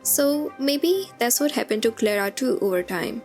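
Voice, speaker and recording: A woman reads a scripted commentary voice-over, explaining things in an easy, conversational manner. Her voice sits fairly high, and soft background music plays beneath her. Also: lively intonation, normal speed. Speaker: commentary narrator. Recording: music bed underneath.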